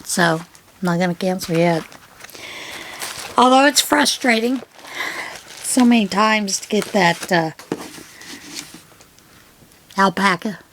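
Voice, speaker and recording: Middle-aged lady vlogging her mail, slow and rambly, lots of ums. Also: medium pitch, fairly bright tone, a little hiss or hum. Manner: unhurried, rambling, frequent pauses and fillers. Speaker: yarn channel host. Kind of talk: casual unboxing chat.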